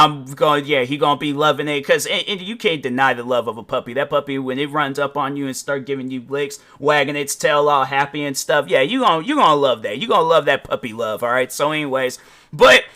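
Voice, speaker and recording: A man hosting a casual relationship advice podcast, rambling and animated, often restarting and correcting himself as he spins a playful, petty story. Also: a little high. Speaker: podcast host.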